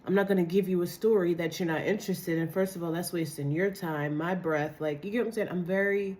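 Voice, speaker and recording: Hoarse, raspy woman reading tarot. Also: lowish voice, steady tone, brisk, darkish tone. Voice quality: dry, raspy voice. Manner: blunt, chatty, slangy. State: hoarse from a cold. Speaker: tarot reader. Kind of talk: casual tarot reading to camera.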